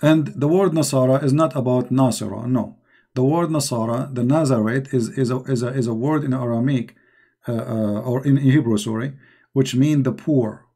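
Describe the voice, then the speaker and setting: This man leads a live online discussion in a dark-toned, mid-range voice at a moderate pace. He speaks non-native English, mocking and hammering the same points again and again.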